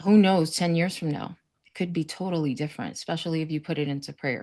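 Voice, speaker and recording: Low-voiced and dark in tone, this South Florida woman is expressive and talks fast. She's a summit panelist in a casual conversation, telling earnest stories of faith and performing the voices she quotes.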